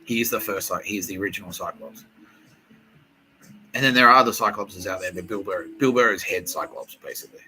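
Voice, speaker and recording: A man hosting a podcast, riffing in a profane, excitable, repetitive comedic monologue. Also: low-pitched, a little fast, a little hiss or hum, poor audio. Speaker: podcast host.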